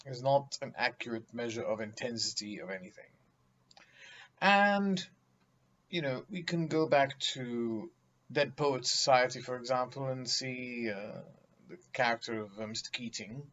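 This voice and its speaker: A man's voice: medium pitch, muffled recording. A man giving a vocabulary lesson, speaking emphatically and theatrically, mocking vague words with acted examples. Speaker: teacher.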